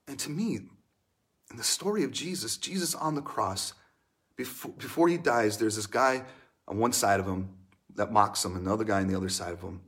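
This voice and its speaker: A man's voice: fairly low pitch, brisk. Earnest young man preaching a sermon. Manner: earnest, emotional, shifts between soft hushed lines and raised bursts. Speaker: pastor.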